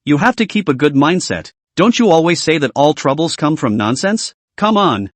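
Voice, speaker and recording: A man reading as a bright teenage schoolgirl from a comic story, earnest and teasing, coaxing her friend along. Her lines rise and fall lively and sit fairly high, in a dry close sound. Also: moderate pace, dry recording.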